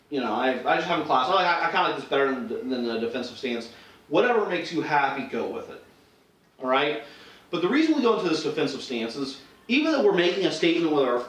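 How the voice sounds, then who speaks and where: Fairly high-pitched and a bit bright, a man gives a self-defense lesson in an easygoing, conversational style, full of restarts and acted-out dialogue. Sound comes from a distant mic in an echoey room.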